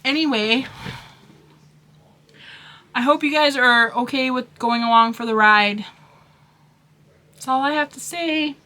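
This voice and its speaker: Casual woman vlogger, gushing and rambling, bright clear tone, slight room noise. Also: sits high, a little slow, long pauses. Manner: gushing, rambling, many fillers and restarts. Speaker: craft vlogger. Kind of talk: casual haul chat.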